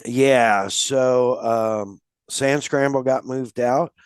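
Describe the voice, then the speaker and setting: Slow, rambling male podcast host. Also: medium pitch, smooth, no room sound, studio quality. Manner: unhurried, rambling with many fillers. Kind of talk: casual podcast chat.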